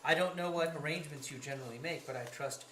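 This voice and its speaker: A woman playing a flustered gentleman husband. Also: low voice, quick pace, reverberant, slight background noise. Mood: polite. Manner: stammering, polite and flustered. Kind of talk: amateur stage play performance.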